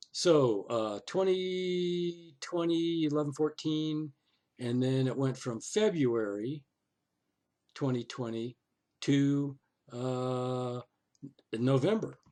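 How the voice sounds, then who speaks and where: Guy talking slowly through a screen recording, lots of oh and okay, dry sarcasm. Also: mid-range voice, a little mellow. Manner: sarcastic, exasperated; thinks aloud, with frequent "oh" and "okay". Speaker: local resident complaining to city council.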